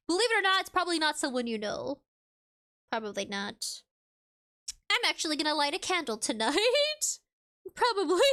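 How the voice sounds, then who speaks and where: A woman's voice: sits high, bright, forceful tone. A woman chatting casually on a live stream, reading viewer comments aloud and giggling often in a playful way.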